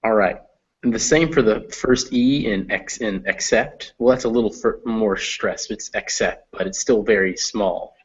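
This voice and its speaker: A man teaching English pronunciation in an online reading class, explaining patiently and modeling words slowly. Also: fairly low pitch, slightly rough, lo-fi sound.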